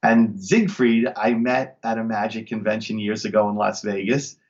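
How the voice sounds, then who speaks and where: A man's voice: lowish voice, fairly even intonation, moderate pace, muffled recording. A man from Long Island, a magician, chatting enthusiastically as an interview guest. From Long Island, New York. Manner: enthusiastic, upbeat storyteller. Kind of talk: casual interview chat.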